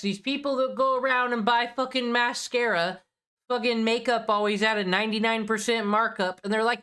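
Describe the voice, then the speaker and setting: A woman's voice: fairly high pitch, normal speed, fairly bright tone, clear, resonant tone. A woman streamer giving casual reaction commentary, blunt, profane and opinionated.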